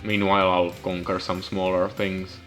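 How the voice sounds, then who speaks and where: A man's voice: sits low, monotone, normal speed, fairly bright tone. A young man giving sarcastic, ranting commentary over a strategy game, swearing freely. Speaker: gaming channel host. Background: faint background music.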